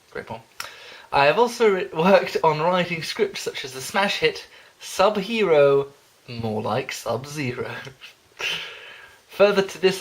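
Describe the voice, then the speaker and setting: Young male vlogger, mid-pitched, giggly and rambling, deadpan asides. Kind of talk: jokey self-introduction reading.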